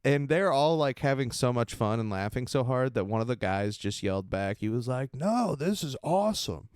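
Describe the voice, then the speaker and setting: A young man hosting a podcast, telling a story in a casual, animated way, laughing and acting out what people said in a mocking voice. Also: mid-range voice, fairly quick, clean tone, dry recording, studio quality. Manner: animated, laughing, acts out quotes in a mocking raised voice. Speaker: podcast host and stand-up comedian.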